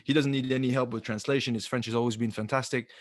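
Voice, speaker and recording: A man co-hosts a rugby podcast and tells lively stories from his playing days. His voice sits at a middle pitch, recorded close with no room sound. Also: quick pace, no room sound. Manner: lively anecdotal storytelling. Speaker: podcast co-host, former rugby player. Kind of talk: casual podcast chat.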